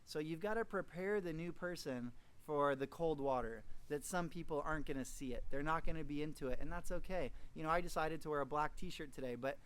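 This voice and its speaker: A middle-aged man giving an energetic, folksy motivational training talk to new recruits, acting out little dialogues as he goes. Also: a little high, brisk, few pauses, clean tone. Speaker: network marketing trainer.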